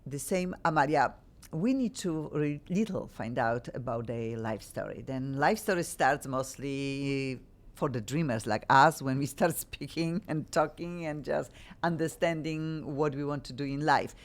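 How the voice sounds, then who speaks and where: A woman's voice: deep voice, expressive, moderate pace. A woman with a Polish accent hosting a talk radio show, chatting effusively with her guests in a studio. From Poland. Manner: effusive, warm welcomes to guests.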